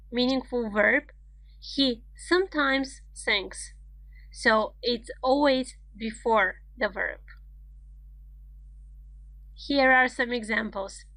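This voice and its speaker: Woman teacher, unhurried grammar explainer, slightly high voice. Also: fairly bright tone, dry recording. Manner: slow, deliberate, explaining rules step by step. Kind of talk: grammar lesson.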